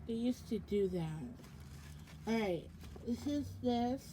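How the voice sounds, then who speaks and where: A young woman talks slowly and sleepily as she unboxes products at home, stopping often for ums and corrections. Her voice sits a little high and sounds mellow. A faint hum of room noise runs under the recording. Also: lively intonation. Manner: rambling, many ums and self-corrections. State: sleepy, yawning. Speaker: vlogger. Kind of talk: casual unboxing chat.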